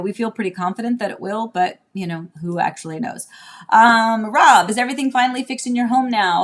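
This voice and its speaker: Woman, real estate agent, live-stream host, casual chat, rambling, at home. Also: mid-range voice. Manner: chatty and rambling, with many restarts.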